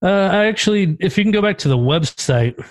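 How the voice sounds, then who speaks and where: A man from Texas, a guest podcaster, talking in a relaxed, thoughtful way about his show and asking for advice. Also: high-pitched, fairly quick, no echo. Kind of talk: casual chat.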